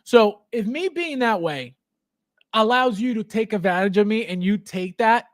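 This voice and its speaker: A man with a high-pitched voice hosts a live stream, chatting with viewers and answering their comments. He talks in an animated way, repeats himself, and restarts his sentences often. His voice sounds dry and close, with little room echo. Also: moderate pace. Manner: animated, repetitive, stammering restarts, laughs often. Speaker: livestream host. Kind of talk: casual live chat reading viewer comments.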